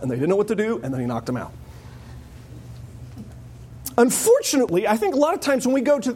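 A man preaching a sermon in a lively, joking way, often acting out the voices of the people he quotes. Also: sits high, husky. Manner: animated, jokey, acts out quoted voices. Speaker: pastor.

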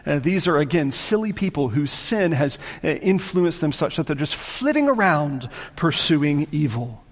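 A man from the American South preaching a sermon as a pastor. He speaks emphatically, repeats phrases for force, and often drops into quiet, low tones. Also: sing-song, normal speed, big-room sound. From Southern United States.

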